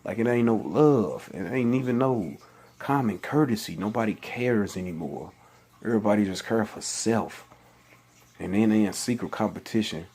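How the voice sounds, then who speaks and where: This religious vlogger's voice is lowish, a little mellow and husky, at a normal speed. He reads scripture aloud and preaches over it in casual speech, with many restarts and exasperated questions.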